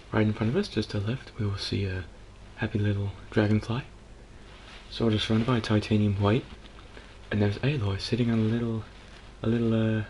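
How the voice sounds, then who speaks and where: Man doing a hushed, soothing American TV painter. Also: on the low side, slight background noise, natural voice, low-quality recording. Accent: put-on American. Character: gentle soft-spoken male TV painter.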